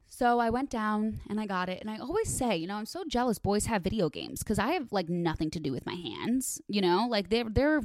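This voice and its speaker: A young woman talks straight into a close mic in a dry, dead room, rambling through stories with chatty, self-mocking asides. Her pitch sits in a middle range for a woman, and she jumps from tangent to tangent. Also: no echo. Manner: chatty, tangent-prone, self-deprecating, animated retelling. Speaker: podcast host. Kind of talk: casual storytelling monologue.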